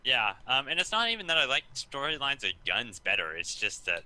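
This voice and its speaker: A man's voice: mid-range voice, very animated, a little fast, pushed and bright, poor audio. A man co-hosting a podcast in casual chat, talking hesitantly with many ums and likes. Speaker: podcast co-host.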